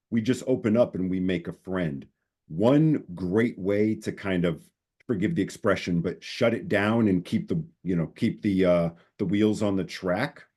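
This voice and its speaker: A man adding tips in a casual sales training, eager and quick to jump in. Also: on the low side, dark tone, husky.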